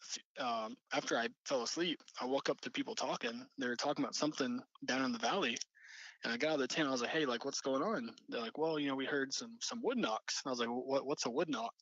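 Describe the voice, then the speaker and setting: Young male storyteller, mid-pitched, loose and rambling, dull dry recording. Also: fast, fairly bright tone, no echo. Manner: rambling, many fillers and restarts. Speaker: storyteller recounting an encounter. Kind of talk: casual spoken storytelling.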